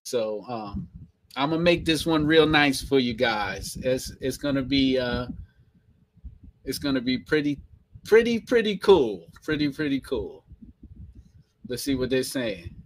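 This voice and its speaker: A man's voice: mid-range voice, measured pace. A man with a thick New York accent hosting a casual live stream, chatting playfully and reading viewer comments aloud, repeating phrases and chuckling often.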